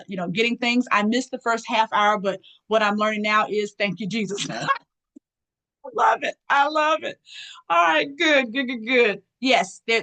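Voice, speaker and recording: A woman presenter running a live online workshop, lively and folksy, often clearing her throat as she talks to her audience. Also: mid-range voice, rough recording. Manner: lively, folksy, calls audience girl and y'all.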